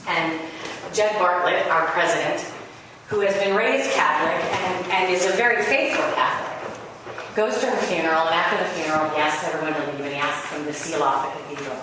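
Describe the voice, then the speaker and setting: A woman's voice: on the low side, fairly quick. A woman giving an informal, chatty sermon, laughing often and acting out the stories she tells. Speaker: spiritual speaker. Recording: echoey room, mic at a distance, noisy.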